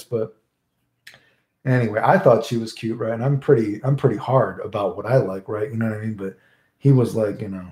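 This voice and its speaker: A man's voice: fairly low pitch, a little fast, warm tone, roomy sound. A man with a Southern American accent, chatting casually with live viewers, rambling, swearing freely and tagging his lines with "right?". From United States. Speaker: livestreamer.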